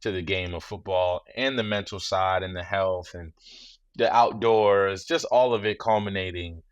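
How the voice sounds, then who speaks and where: A man in his thirties, a former football player, talking as a guest in a relaxed interview, measured and reflective, often saying "you know.". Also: sits low, clear, resonant tone, no echo.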